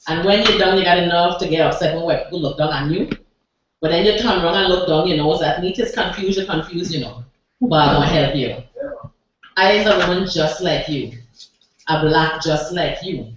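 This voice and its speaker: A woman with a Virgin Islands accent performing her own spoken word poem, addressing the listener forcefully at a cafe open mic. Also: lowish voice, moderate pace. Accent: Virgin Islands Creole English. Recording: echoey room, distant lo-fi mic, noise.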